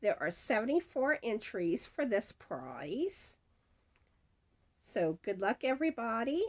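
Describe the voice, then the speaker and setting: A woman's voice: a little high, sing-song, slow pace. Lady craft host, chatty, voice goes up and down a lot. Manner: chatty, reads comments aloud, stumbles over names. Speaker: crochet channel host announcing giveaway winners. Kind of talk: casual chat.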